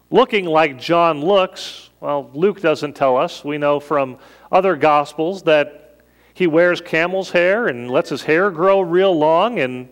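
A man preaching a sermon as a pastor, in a conversational way that leans on rhetorical questions. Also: on the high side.

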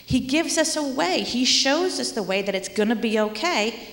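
Animated woman giving a children's sermon. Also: fairly high pitch, normal speed. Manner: animated, talks to children, drops to soft whispers. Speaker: children's message leader and teacher. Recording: echoey hall.

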